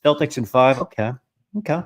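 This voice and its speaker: A man's voice: mid-range voice, brisk. A man with a Worcester, Massachusetts accent, co-hosting a casual sports podcast in a playful, teasing way. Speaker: podcast co-host.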